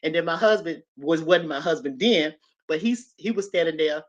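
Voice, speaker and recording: A woman in her fifties telling a personal story in a casual, animated way, talking straight to her listeners. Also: deep voice, normal speed. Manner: animated, chatty, addresses listeners directly. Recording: slightly dull lo-fi audio.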